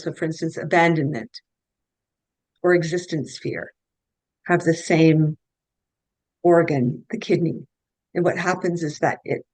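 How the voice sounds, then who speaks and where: A middle-aged woman with a lowish voice talks through patient cases in an earnest, anecdotal interview style. She often restarts mid-sentence. The sound is dry and close, with little room. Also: a little mellow, no room sound, poor audio. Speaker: guest health practitioner. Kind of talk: conversational interview storytelling.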